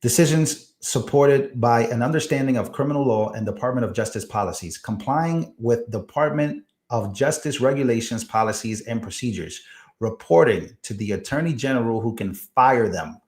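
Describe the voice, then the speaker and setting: A man's voice: medium pitch, animated, normal speed, a little mellow. A man with a Hispanic accent hosting a casual political livestream, chatting with his viewers, laughing at himself and tripping over long words. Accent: Hispanic-accented English.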